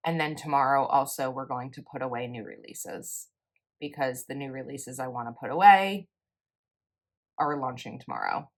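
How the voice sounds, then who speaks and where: A woman's voice: a bass voice, moderate pace. A young woman, chatting casually and rambling a little as she talks through her planner. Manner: chatty, rambling, self-correcting. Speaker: planner vlogger. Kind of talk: casual voice-over while planning.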